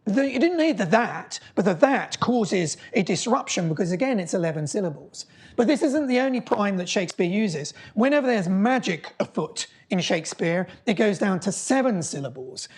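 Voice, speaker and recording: A man's voice: high-pitched, very animated, normal speed, darkish tone, husky. A middle-aged man gives a public talk in a lecture hall. He speaks with eager enthusiasm, often stumbling and restarting as he builds up each story. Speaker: mathematician giving a public talk. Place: lecture hall before an audience.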